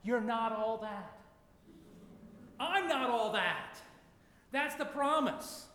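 A middle-aged man preaching a sermon, reading scripture emphatically and dropping to quiet asides. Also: very high voice, expressive, slow, a little hiss or hum. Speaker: pastor. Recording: long hall reverb.

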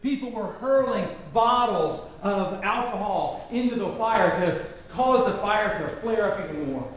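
A man's voice: sits high, roomy sound, a little hiss or hum. A man preaching a sermon, earnest and building to impassioned questions. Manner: earnest, rising to impassioned outbursts. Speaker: pastor. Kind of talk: sermon with opening prayer.

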